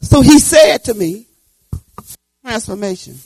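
A woman's voice: on the high side, animated, a little slow, breathy edge, dry recording, faint music behind, low-quality recording. Fervent older woman preacher in her seventies. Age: 70s. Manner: folksy storytelling, rising to fervent shouting. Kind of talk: sermon testimony and prayer.

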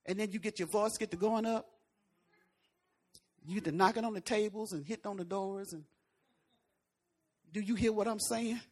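A woman preacher delivers a sermon in a folksy, conversational way. She punches some words out loudly and then drops to hushed asides. Her voice sits at a middling pitch. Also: normal speed, long pauses.

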